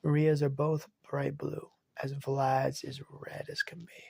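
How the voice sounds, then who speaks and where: A man's voice: a little high, little pitch movement, unhurried, vocal fry, slightly rough, no echo. A man narrating a made-up story in a rambling, half-whispered way.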